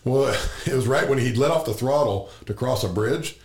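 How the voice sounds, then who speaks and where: A man's voice: medium pitch, moderate pace. A man who farms, telling easygoing stories in casual chat, laughing as he goes. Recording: roomy echo.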